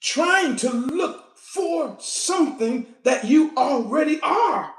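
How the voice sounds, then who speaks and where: A woman preaching a fiery sermon, animated, often shouting and breaking into laughter. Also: high-pitched, slow. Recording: echoey room.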